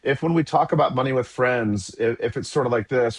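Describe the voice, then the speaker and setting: Husky-voiced thoughtful male host. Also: medium pitch, moderate pace. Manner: thoughtful, searching for words. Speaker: podcast host. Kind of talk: casual conversation.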